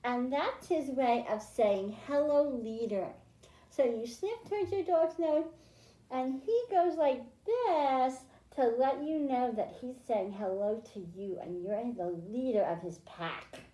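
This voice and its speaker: Animated storytime librarian woman, echoey room. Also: sits high. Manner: animated, sing-song, speaking slowly and clearly to children. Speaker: children's librarian. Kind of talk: children's storytime reading.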